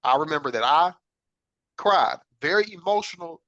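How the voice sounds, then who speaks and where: This podcast host, an adult father, speaks in a slightly high, expressive voice that sounds pushed and bright, at a normal speed. He tells a personal story earnestly and reflectively, frequently saying "right?". The sound is lo-fi and dry.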